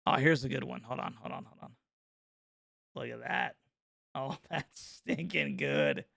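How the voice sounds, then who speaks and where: A man, hosting a casual live-stream reaction chat in an excitable, slangy way, laughing often and calling everyone bro. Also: medium pitch, a little slow, vocal fry, no echo, studio quality. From North Carolina.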